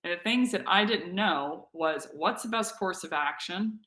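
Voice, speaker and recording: Woman, webinar host, lively storyteller, slightly low voice, bright and forceful tone, echoey room. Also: unhurried. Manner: energetic, candid, acts out quoted dialogue. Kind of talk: animated storytelling to a live webinar audience.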